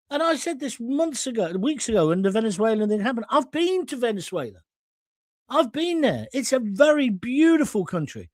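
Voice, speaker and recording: A man's voice: sits high, no room sound. Blunt, jokey male host. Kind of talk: live-stream commentary, reading viewer comments.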